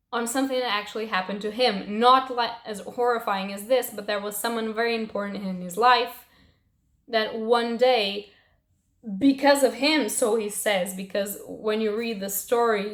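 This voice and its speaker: A young woman chatting casually about books she read, emotional and expressive, swearing now and then. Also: mid-range voice. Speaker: book reviewer. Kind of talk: casual book wrap-up chat. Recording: roomy echo.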